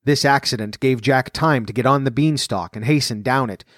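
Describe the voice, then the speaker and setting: A man reading a fairy tale aloud at a steady, measured pace. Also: mid-range voice, no echo, clean studio sound. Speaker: storyteller.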